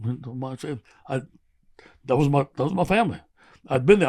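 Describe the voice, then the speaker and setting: Older man, gravelly and pitched a bit high, spinning loose, lively yarns as a podcast guest. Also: a little fast. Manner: rambling, animated storyteller with frequent laughs. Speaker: guest football coach. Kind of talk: podcast storytelling.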